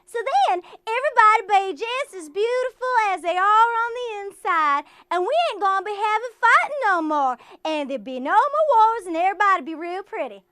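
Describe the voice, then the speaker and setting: A woman's voice: very high voice, animated, fairly quick, hardly any pauses, bright, forceful tone, no echo, clean studio sound, exaggerated voice. A woman playing a vain, ditzy pageant contestant with a put-on Southern accent, gushing and sassy in a comedy sketch. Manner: gushing, sassy, over-the-top. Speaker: horror movie host.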